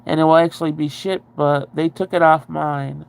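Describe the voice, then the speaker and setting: A woman's voice: sits low, fairly even intonation, moderate pace, vocal fry, clear, resonant tone. A woman hosting a casual livestream, rambling and chatty as she answers viewer comments and swears freely. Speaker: livestream host.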